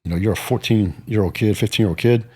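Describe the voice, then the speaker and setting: A man in his forties, a bodybuilder appearing as a guest, tells stories in a casual interview. His voice is fairly low and quick, and he's animated, acting out the voices of the people he quotes.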